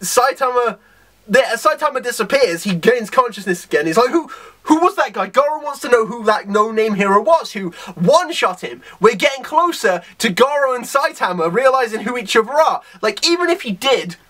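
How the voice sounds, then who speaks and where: A man casually reviewing a comic chapter, rambling and animated, often acting out characters' lines. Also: very high voice, a little fast.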